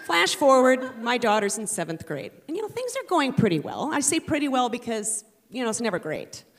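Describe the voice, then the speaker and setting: High, lively middle-aged woman storyteller. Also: brisk, long reverb tail, a crowd in the background, noisy background. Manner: animated, wry, self-mocking. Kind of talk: live comic storytelling.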